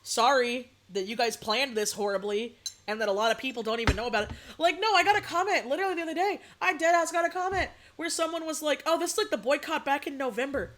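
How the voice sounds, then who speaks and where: A woman's voice: high voice, quick pace, fairly bright tone, slight background noise. A young woman streaming live, ranting casually to her chat, swearing and laughing between points. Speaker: VTuber streamer.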